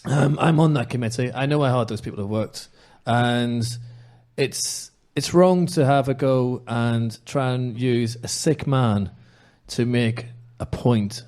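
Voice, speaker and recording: A man's voice: medium pitch, measured pace, a little mellow. Impassioned man ranting on a podcast. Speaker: podcast host. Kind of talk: casual football podcast chat.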